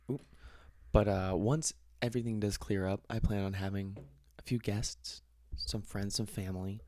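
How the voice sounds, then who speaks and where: A man's voice: lowish voice, no room sound, studio quality. A young man hosting a casual solo podcast, rambling through stories with laughs and swearing. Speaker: podcast host.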